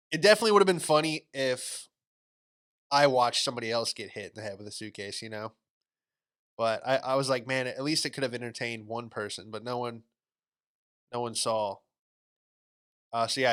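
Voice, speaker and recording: A man's voice: mid-range voice, pushed and bright, clean tone. A young man hosting a podcast, telling a story in a rambling, laid-back way with plenty of fillers and slang. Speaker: podcast host. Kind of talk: casual comedic storytelling.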